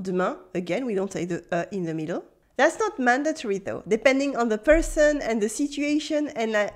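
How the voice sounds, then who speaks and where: A woman with a French accent, a native French speaker, teaching a language lesson in English and patiently explaining step by step. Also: on the high side. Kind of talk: scripted video lesson.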